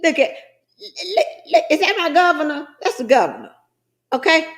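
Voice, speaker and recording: Here a middle-aged woman speaks at a moderate pace in a high voice whose pitch swoops wildly. A trucking business coach, she demonstrates online business forms via screen share, chatting in a folksy manner and calling people "guys" and "child."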